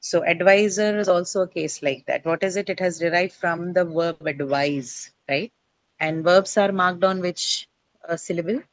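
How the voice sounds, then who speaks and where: A woman's voice: on the low side, moderate pace, no echo, rough recording. A middle-aged woman teacher lecturing a class, explaining step by step and quizzing her students as she goes.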